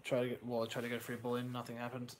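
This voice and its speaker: A young man hosts a live stream and reacts to a football match as it happens. He talks casually, swears and reads out viewers' chat messages. His voice sits in a middle pitch over a faint background hiss. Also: completely flat delivery, racing.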